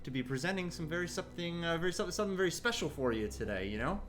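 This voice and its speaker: A man's voice: fairly high pitch, expressive, very fast, a bit bright, soft background music. A man who is a film buff, a guest chatting playfully over a video call. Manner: playful, theatrical. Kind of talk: casual chat.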